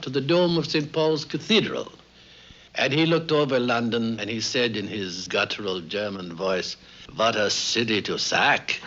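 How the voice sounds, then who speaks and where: An older man from Canada, a politician and former editor, telling witty anecdotes in a formal interview with many "uh" pauses. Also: medium pitch, a bit bright. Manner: genial, witty storyteller with frequent "uh" pauses. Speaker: interview guest, member of Parliament. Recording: dull lo-fi 1950s film sound.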